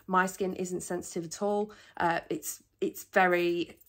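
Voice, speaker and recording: A woman's voice: on the low side, fairly even intonation. A young British woman sharing competition tanning tips in a chatty, self-mocking talk to camera, a little out of breath. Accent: British English. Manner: chatty, self-mocking asides, quick laughs. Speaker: bodybuilding competitor and vlogger.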